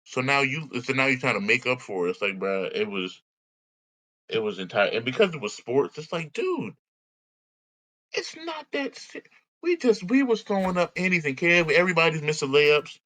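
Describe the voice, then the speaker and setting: A man's voice: fairly high pitch, very animated, moderate pace, a bit bright, low-quality recording. A man co-hosting a podcast, telling a story in casual chat, acting out other people's lines and laughing often. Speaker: podcast co-host.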